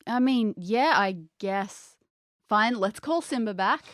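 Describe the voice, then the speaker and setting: A woman playing a mystery game, reacting in an expressive, outspoken way. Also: fairly high pitch, slow, no echo, clean studio sound. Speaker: player. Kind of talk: casual game chat.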